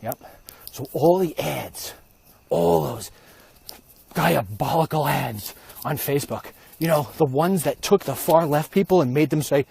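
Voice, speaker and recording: A man's voice: fairly high pitch, a little slow, gravelly, pauses often, darkish tone, husky, no room sound. A man hosting a comedic, rambling and sarcastic monologue while walking outdoors at night. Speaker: host. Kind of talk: comedic walk-and-talk monologue.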